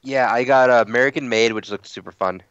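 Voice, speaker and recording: A man's voice: medium pitch, fast talker, a bit bright, clear, resonant tone, dry recording, muffled recording. A young man co-hosting a casual movie chat, hesitant with stumbling starts and profane. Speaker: podcast co-host.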